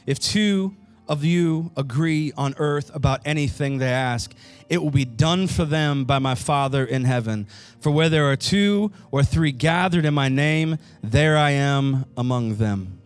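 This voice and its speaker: A male pastor preaching a sermon, asking his congregation questions and repeating key phrases for emphasis. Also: fairly high pitch. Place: church sanctuary.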